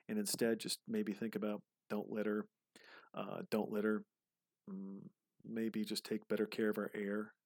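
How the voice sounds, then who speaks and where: A man's voice: fairly low pitch, darkish tone, no echo. A man giving rambling, profane, casual commentary while watching a movie, often drifting into tangents.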